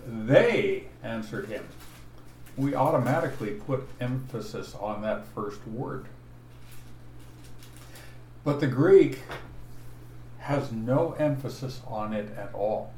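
Slow, deliberate male preacher in an echoey room. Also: mid-range voice, a little mellow. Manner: slow, deliberate teaching with emphatic verse references. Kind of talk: expository Bible sermon. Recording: echoey room, voice from afar, faint noise.

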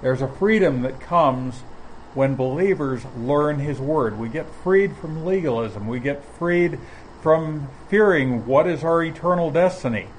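A man teaching from the Bible in a measured, explanatory way, often pausing mid-phrase. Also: a little high, expressive, slight background noise, poor audio. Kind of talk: sermon.

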